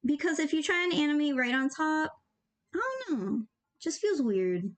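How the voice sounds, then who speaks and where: Her voice sits high with big pitch swings at a normal speed. She's a young animator giving casual commentary as she works, joking, rambling and dropping tips in passing.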